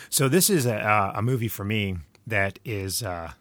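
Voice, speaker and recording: A man's voice: lowish voice, expressive, moderate pace, a bit bright, no room sound. A middle-aged man giving movie recommendations in a casual, rambling monologue full of digressions and stories. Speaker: movie reviewer.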